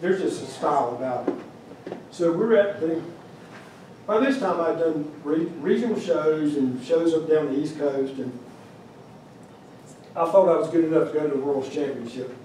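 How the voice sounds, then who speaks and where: In an echoey museum room, with the mic placed far away and slight background noise, a man delivers a funny, meandering storytelling lecture on his carving, restarting often. He's a wildlife carver whose fairly high, mellow voice moves at normal speed.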